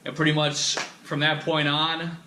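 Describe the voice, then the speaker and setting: A man's voice: on the high side, little pitch movement, unhurried, bright, forceful tone, a little hiss or hum. A young man hosting a podcast, telling a candid personal story in a rambling, profane way full of fillers and restarts. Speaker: podcast host. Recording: echoey room.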